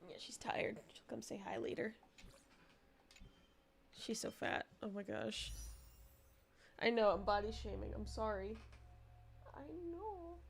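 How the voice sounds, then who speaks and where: A woman's voice: mid-range voice, flat delivery, unhurried, vocal fry, long pauses. A young woman livestreaming in casual chat, talking to her viewers and cooing at her dogs between game talk. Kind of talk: casual live-stream chat. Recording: echoey room, distant mic, music behind.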